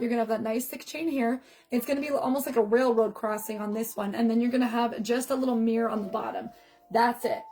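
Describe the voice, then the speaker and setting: A woman's voice: a little high, a little mellow, low-quality recording. Chatty woman selling jewelry live. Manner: chatty, affectionate, greets viewers by name. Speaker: jewelry seller on a live stream. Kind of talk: live-stream sales chat. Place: home, filming herself on a phone. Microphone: phone camera in selfie mode.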